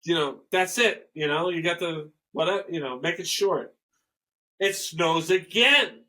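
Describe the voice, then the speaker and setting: An older man, a guest musician, telling stories in a rambling, animated way and acting out the dialogue he quotes. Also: a little high, measured pace, low-quality recording. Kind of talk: casual storytelling interview.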